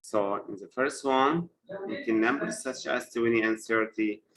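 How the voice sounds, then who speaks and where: A man teaching an English lesson, explaining number stress and switching into quick Arabic asides for his students. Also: fairly low pitch, crowd noise, poor audio.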